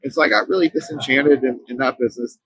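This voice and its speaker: Husky-voiced man telling a story. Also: medium pitch, fairly even intonation, a bit bright, no room sound, rough recording. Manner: earnest, halting, frequent restarts. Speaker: company co-founder, interview guest. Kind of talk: casual interview storytelling.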